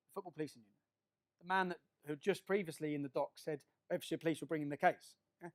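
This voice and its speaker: High-pitched man giving an emphatic speech. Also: fast talker. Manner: emphatic, with frequent tag questions. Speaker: public speaker. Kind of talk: speech to an audience.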